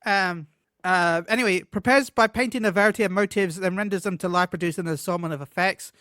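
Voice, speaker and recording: A man with a high, bright voice chats about games with eager excitement, laughing often and stumbling over his words. The sound is close and dry, with no room echo. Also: quick pace. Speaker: podcast co-host. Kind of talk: casual gaming chat.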